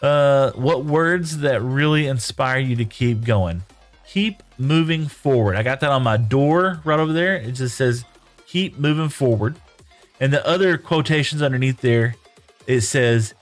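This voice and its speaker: Chatty male game streamer over soft music. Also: mid-range voice, unhurried. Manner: rambling, reads viewer chat aloud and chats back. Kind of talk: casual live-stream chat while playing. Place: home room.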